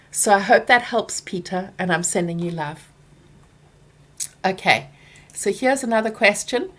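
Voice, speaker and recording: A middle-aged woman hosting a workshop Q&A, speaking softly and gently and sometimes dropping to a whisper. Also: mid-range voice, unhurried, long pauses. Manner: soft and gentle, drifting into whispers; acts out anger with loud groaning sounds. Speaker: workshop host answering questions. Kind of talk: Q&A talk to an audience.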